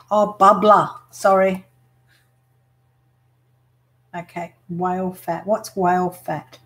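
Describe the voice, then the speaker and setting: Slow-talking Australian woman, casual chat. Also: on the low side. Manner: laughs often, explains slang to viewers. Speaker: live-streaming hobby crafter. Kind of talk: casual live chat while working.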